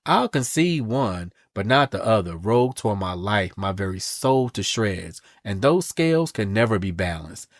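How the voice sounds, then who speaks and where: A man's voice: fairly low pitch, very animated, normal speed, hardly any pauses, dry recording, studio quality. A man reading out a bitter, wronged superheroine's comic lines in a lightly dramatic way. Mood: bitter, resolute. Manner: reads comic lines aloud.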